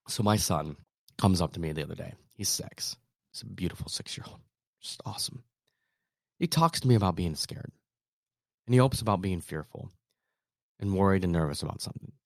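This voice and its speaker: A man in his thirties hosting a motivational talk, earnest, moving between hushed softness and emphatic bursts. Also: low-pitched, fairly quick, pauses often, no echo, clean studio sound. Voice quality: soft calming voice in quoted comfort. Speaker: podcast host.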